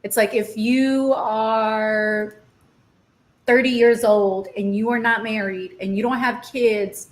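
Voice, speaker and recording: A woman's voice: on the high side, steady tone, takes it slowly. A young woman hosting a casual chat while eating, talking openly and laughing easily. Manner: chatty, laughs easily, emotional and open. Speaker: host.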